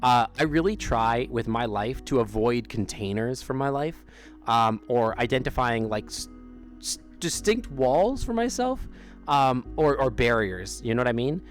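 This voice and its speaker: A man live-streaming from outdoors in a loose, rambling chat, often breaking into laughter and leaving sentences unfinished. His pitch sits in an ordinary middle range, and faint music plays in the background. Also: lively intonation, measured pace. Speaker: livestreamer. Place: outdoors near an amphitheater.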